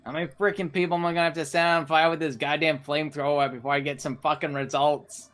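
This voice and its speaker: Man as a gruff, exasperated brute, slightly high voice, crowd noise. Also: fairly even intonation, fast, close to an everyday voice. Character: fed-up, foul-mouthed man with a flamethrower.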